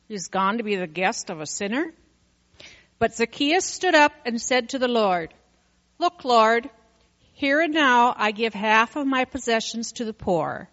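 A woman reading a Bible passage aloud in a measured, steady way. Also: fairly high pitch, big-room sound, dull audio. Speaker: scripture reader. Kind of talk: scripture reading.

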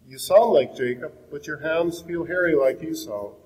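A man reading the part of an aged, blind father in a scripture reading, in a measured, solemn way. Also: a little high, a little mellow, big-room sound, voice pushed up, natural voice, rough recording. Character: aged blind father blessing his son.

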